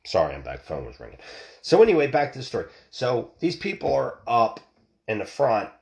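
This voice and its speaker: A man's voice: mid-range voice, wildly swooping pitch, brisk, gravelly, darkish tone. A middle-aged man ranting and telling a story bluntly, swearing often and restarting his sentences. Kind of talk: profane ranting monologue.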